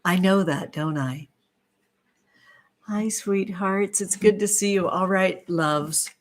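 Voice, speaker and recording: A woman hosting a tarot livestream, chatting warmly with viewers and gushing over their comments with pet names. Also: mid-range voice, takes it slowly. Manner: effusive, gushing, calls viewers sweetheart. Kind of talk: live-stream chat with viewers.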